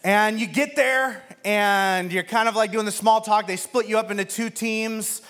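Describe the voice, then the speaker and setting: A man with a high voice gives a sermon as pastor. He tells a comic story about himself and acts out the other people's lines along the way. His delivery is lively and self-deprecating. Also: normal speed. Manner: animated, self-mocking, acts out quoted voices.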